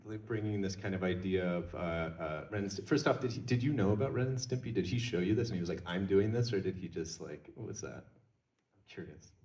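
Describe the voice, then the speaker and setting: A man's voice: sits low, expressive, a little fast, darkish tone. A man moderating a film Q&A, asking enthusiastic, rambling questions full of fillers. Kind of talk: conversational interviewing. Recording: echoey hall, from far off.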